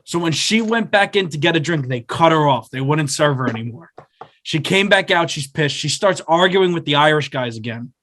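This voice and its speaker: A man's voice: fairly high pitch, lively intonation, normal speed, fairly bright tone. A man in his twenties co-hosting a podcast, telling a rambling anecdote in casual chat and acting out what people said. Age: 20s. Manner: rambling anecdote with acted-out quotes. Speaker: podcast co-host.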